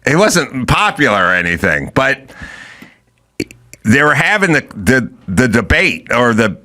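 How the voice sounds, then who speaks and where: A man in his fifties or older from Los Angeles tells rambling stories in casual talk. His voice is bright and swings widely in pitch. He acts out the quotes loudly. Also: big pitch swings, measured pace. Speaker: podcast host. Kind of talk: casual chat.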